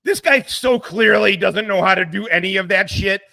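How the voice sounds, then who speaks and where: A man hosting a reaction stream, talking in a profane, casual way and laughing often. He swings between low mutters and loud outbursts. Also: normal speed, vocal fry, no echo. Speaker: streamer host, military veteran.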